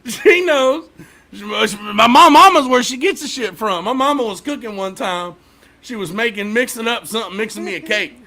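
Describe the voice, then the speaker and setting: A man's voice: extremely high pitch, lively intonation, moderate pace, pushed and bright. A man co-hosting a casual talk show, telling loose, laughing stories about his kids, full of cursing. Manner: loose, laughing, profane storytelling. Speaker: podcast co-host. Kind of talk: casual chat.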